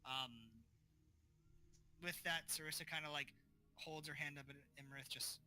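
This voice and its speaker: A man's voice: on the high side, flat delivery, moderate pace, long pauses, sharp tone. A man narrating as game master of a tabletop game, casual and full of fillers. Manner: casual, filler-heavy narration with voiced characters.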